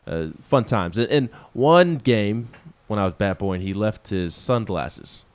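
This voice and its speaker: A man with a low voice chats casually about sports, circling back and restarting his sentences as he goes. The studio sound is dry and close, with no room around him. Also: expressive, a little slow, no room sound. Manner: rambling, many restarts, laughs at himself. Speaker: co-host of a sports talk show. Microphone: studio microphone.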